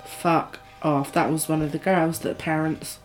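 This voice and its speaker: A woman co-hosting a podcast in casual chat, reacting with quick comments and questions. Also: low voice, little pitch movement, soft background music. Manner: reactive, frequent short responses. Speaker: podcast co-host.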